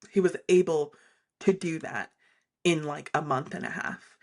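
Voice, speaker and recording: A woman with a fairly low voice rants casually and bluntly about politics, swearing freely. She drifts from tangent to tangent in an unscripted, conversational way. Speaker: political commentary host.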